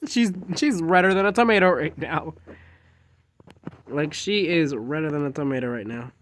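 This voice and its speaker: A man's voice: fairly high pitch, normal speed, a bit bright, slight background noise. A man casually telling a rambling fan story, jumping animatedly into quoted dialogue.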